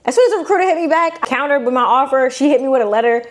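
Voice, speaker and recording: Young brooklyn woman, new york accent, talks real fast and animated, spilling a story to camera. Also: sits high. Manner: animated, slangy, acts out quotes in shifting voices. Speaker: vlogger.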